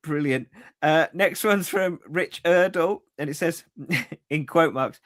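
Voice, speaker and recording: Casting note: higher-voiced male podcast co-host, relaxed, chatty, quick to laugh. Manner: chatty, laughs easily, many fillers. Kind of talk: casual chat, reading listener comments.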